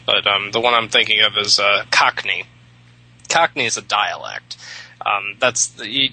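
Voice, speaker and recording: Bright-voiced hesitant male radio host. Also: mid-range voice, rough recording. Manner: hesitant, many fillers and restarts. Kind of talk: casual explanatory talk.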